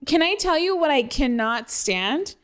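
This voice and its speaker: A woman's voice: sits high, sing-song, unhurried. A woman hosting a podcast in casual interview chat, playful and teasing, laughing along with her guest. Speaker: podcast host.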